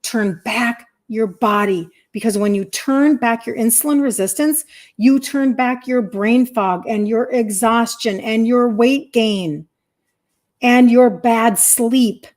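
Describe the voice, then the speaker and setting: A woman's voice: fairly high pitch, slow, a little mellow. A woman in her fifties, a health coach talking bluntly and emphatically to her audience on a live stream. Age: 50s.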